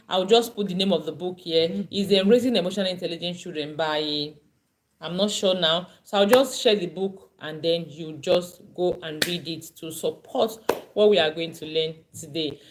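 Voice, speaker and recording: A woman teaching a parenting class online, earnest and pleading, often repeating herself. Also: on the low side.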